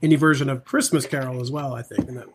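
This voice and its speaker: A man's voice: medium pitch, fairly even intonation, fast talker, noisy background. A man appearing as a podcast guest while fighting a cold, talking in a friendly, self-deprecating way. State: has a head cold. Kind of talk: casual podcast chat.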